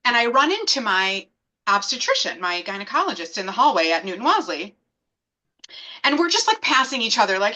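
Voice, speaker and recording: A woman in her thirties telling a personal story as an interview guest, animated and acting out the voices of people she quotes. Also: fairly high pitch, brisk, poor audio.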